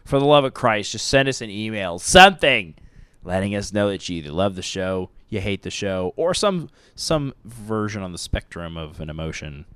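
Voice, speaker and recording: A man co-hosting a casual podcast, cracking jokes and cursing freely. His voice sits low and moves with lively, animated pitch. The sound is smooth and close, with a dry room. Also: moderate pace, dry recording. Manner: joking, swearing, animated. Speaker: podcast co-host.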